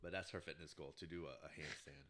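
A young man hosting a casual chat podcast, telling an animated story and laughing often. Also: a bass voice, quick pace. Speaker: podcast host. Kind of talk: casual chat among friends.

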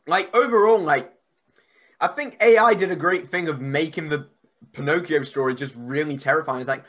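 A man, a podcast guest, telling stories in a rambling, animated way. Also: on the high side, moderate pace. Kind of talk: casual podcast chat.

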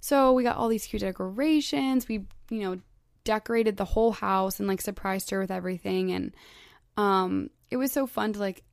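Gushing young woman with gravelly fry. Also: medium pitch, normal speed, no echo, studio quality. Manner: chatty, heavy use of "like", gushing. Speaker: podcast host. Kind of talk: casual solo chat.

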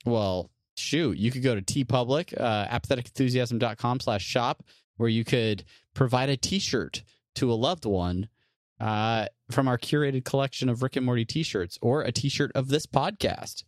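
A man's voice: mid-range voice, normal speed, no room sound, clean studio sound. A man co-hosting a podcast, chatting casually with a laid-back, joking manner and many fillers. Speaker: podcast co-host.

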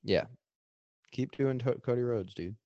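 A man's voice: mid-range voice, measured pace, warm tone, no room sound, lo-fi sound. A young man co-hosting a casual podcast, teasing his friends and laughing between wrestling predictions. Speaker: podcast co-host. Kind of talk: casual chat.

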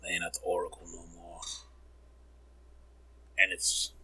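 A man's voice: low-pitched, completely flat delivery, unhurried, bright, forceful tone, breathy edge, no echo, rough recording. A man hosting a comedic sports podcast, rambling and riffing with profanity.

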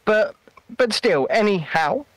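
A man's voice: high-pitched, animated, takes it slowly, a bit bright, no echo, low-quality recording. A man co-hosting a casual podcast chat, playful and prone to dropping into silly voices. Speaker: podcast co-host.

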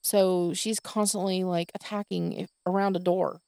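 A worn-out woman vents on her podcast, swearing as she rants in exasperation. Her voice is mellow and warm, and the recording is dry and close, with crickets and insects chirping faintly behind her. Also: on the low side, flat delivery, moderate pace, gravelly, smooth, no echo. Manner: exasperated, swearing, tired ranting. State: exhausted. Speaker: podcast host. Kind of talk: venting monologue.

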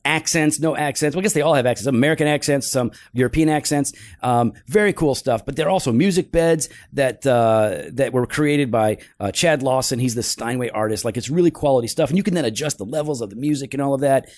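A man's voice: mid-range voice, fast, few pauses, a little mellow, no echo. A man co-hosting a podcast, ribbing his partner in casual chat, then turning earnest to talk about faith. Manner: teasing, breaks into preaching tone. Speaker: podcast co-host. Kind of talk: casual chat and sponsor read.

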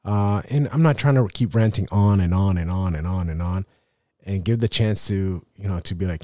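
A man's voice: sits low, normal speed, dark tone, no room sound. A man hosting his own photography podcast, talking in a rambling, self-deprecating way with many fillers and restarts. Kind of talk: casual solo podcast monologue.

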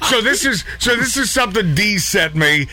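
A man hosts a casual radio talk show, rambling and cracking jokes as he keeps interrupting himself. His voice sits a little high and sounds bright and forward. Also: expressive, normal speed, soft background music. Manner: rambling, self-interrupting, jokey.

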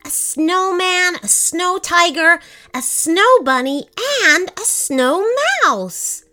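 A woman voicing an excited, cheerful little boy who shouts his lines. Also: high-pitched, unhurried, soft background music, full character voice. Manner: shouting, exclamatory.

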